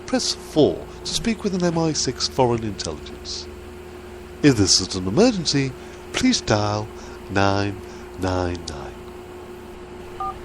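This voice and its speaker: A prim, formal phone-menu announcement, put on by a man, pitched low with a swooping, lilting delivery. It sounds over a noisy line. Every phrase is overly proper. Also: huge pitch swings, slow pace, long pauses, heavily acted. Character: stiff formal male phone-menu recording. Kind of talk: prank phone bit.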